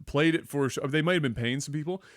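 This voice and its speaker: A man hosting a casual gaming podcast, laid-back and quick to laugh as he goes through the news. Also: a little high, no room sound, studio quality. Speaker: podcast host.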